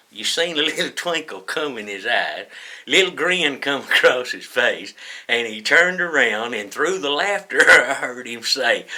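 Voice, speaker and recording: A man with a drawl tells a story in a lively, rising and falling voice. His tone is bright and forward. He talks in an easygoing, folksy way and chuckles along. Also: mid-range voice. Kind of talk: casual anecdote told to camera.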